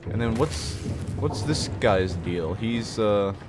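A man's voice: lowish voice, lively intonation, slow, music in the background. A man doing gameplay commentary on a horror game, joking to himself and blurting startled exclamations. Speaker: let's play host. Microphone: desk mic with face cam.

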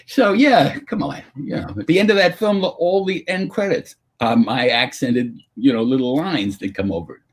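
An older man with a husky, slightly breathy voice tells stories with a pitch that swings up and down all the time. He sounds like a guest on a video call, animated and anecdotal, answering an interviewer's questions. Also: moderate pace, hardly any pauses. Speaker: guest actor.

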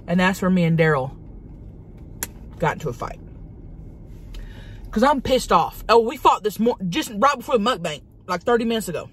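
A woman's voice: mid-range voice, big pitch swings, moderate pace, long pauses, slight background noise, close to an everyday voice. A woman playing a brash, hot-tempered woman, who rambles profanely and dramatically in a comedic monologue from a parked car. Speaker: vlogger.

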